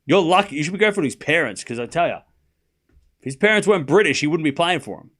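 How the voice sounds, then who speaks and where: An Australian man hosts a live tennis stream, ranting casually and mockingly as he talks straight to chat. Animated and fast, his voice sits on the high side.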